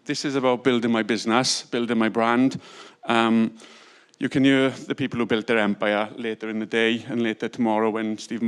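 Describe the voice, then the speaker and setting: A man in his forties, an estate agent, giving a conference talk in a humble, self-deprecating and slightly hurried way. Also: medium pitch, clean tone. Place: conference stage.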